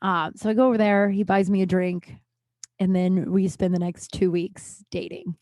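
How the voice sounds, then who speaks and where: A woman's voice: medium pitch, flat delivery, moderate pace, a little mellow, dry recording. A woman in her thirties, a comedian and podcast host, telling a long casual story in a rambling, self-deprecating way full of fillers and asides.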